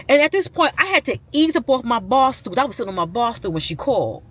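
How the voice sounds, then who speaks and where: A woman's voice: a little high, big pitch swings, fast talker, few pauses, a bit bright. A woman in her forties telling a personal story to her viewers in a candid, conversational way, often adding "you know" and "right?". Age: 40s. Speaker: vlogger.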